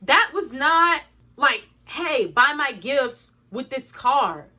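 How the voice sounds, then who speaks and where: Bright, blunt young woman ranting. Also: sits high, lively intonation, takes it slowly. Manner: blunt, profane and indignant, addressing viewers as y'all. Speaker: vlogger. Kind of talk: storytime rant.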